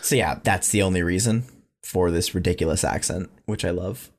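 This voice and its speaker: A man's voice: sits low, normal speed. A man co-hosting a casual movie-review podcast, with a dry, teasing sense of humor. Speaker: podcast co-host.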